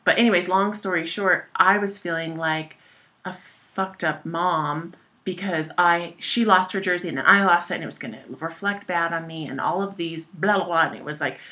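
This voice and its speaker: Thirties mom co-host, chatty and frank, tells stories on herself with a laugh. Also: female voice, fairly low pitch, moderate pace, bright, forceful tone. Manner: candid storytelling, swears freely, laughs at herself. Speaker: podcast co-host. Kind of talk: casual chat.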